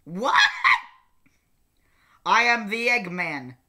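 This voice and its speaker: A sardonic, grumpy old alien time traveller, as a man puts him on, grumbling his way through lines in a slow, unhurried delivery. His voice is bright and edgy, and his pitch swings widely between exasperated asides and mock singing. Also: expressive, exaggerated voice. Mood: sardonic reading. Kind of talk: comic lyric reading and singing in character.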